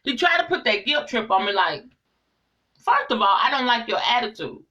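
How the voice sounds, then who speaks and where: A middle-aged woman talks straight to her viewers in a casual, preachy spiritual monologue. Her voice is high-set and bright, and her pitch swings widely as she drives her points home. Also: moderate pace, dull audio. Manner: animated, preachy, speaks straight to the audience. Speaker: online inspirational speaker.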